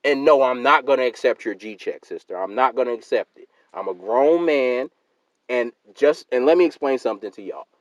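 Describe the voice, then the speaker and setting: A man's voice: medium pitch, expressive, moderate pace, no echo, poor audio. A man hosting his own channel, delivering a heated, argumentative rant to his viewers, repeating his points and addressing people as sister and fam. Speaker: YouTube channel host. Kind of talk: heated solo rant to camera.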